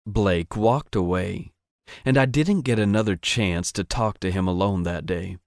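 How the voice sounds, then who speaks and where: A man narrates a first-person romance audiobook with intimate, steady storytelling. His voice sits fairly low. The recording is dry and close, with no room sound. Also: measured pace, dry recording.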